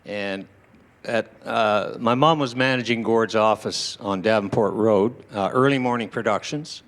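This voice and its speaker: A man's voice: on the low side, a little slow. A man in his sixties telling personal stories to an audience at a small indoor venue, acting out what his relatives said. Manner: animated, acts out shouted quotes of relatives. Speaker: storyteller at a tribute evening.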